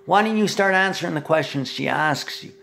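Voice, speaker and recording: A middle-aged man in a rambling monologue, agitated and profane, swinging between shouting and muttering. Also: fairly high pitch, a little fast, gravelly, slight background noise.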